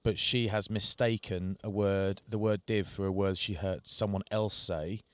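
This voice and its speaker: A man's voice: on the low side, fairly even intonation, measured pace, dry recording, studio quality. A middle-aged man co-hosting a podcast, telling self-mocking stories in casual chat. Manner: jokey storytelling, self-mocking. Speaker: podcast co-host.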